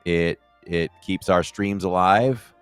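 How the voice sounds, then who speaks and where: A man with a low voice co-hosts a casual podcast, chatting in a rambling, animated way. Soft music plays faintly underneath. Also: takes it slowly, clean tone, no echo. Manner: animated, rambling, rises in pitch when excited. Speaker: podcast co-host.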